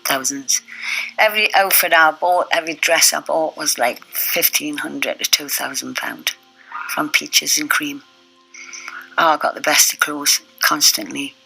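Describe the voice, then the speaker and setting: Low-voiced older woman. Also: steady tone, a little slow, vocal fry, bright, forceful tone, faint music behind, low-quality recording. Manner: chatty, acts out quotes in the story. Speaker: interviewee. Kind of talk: casual storytelling.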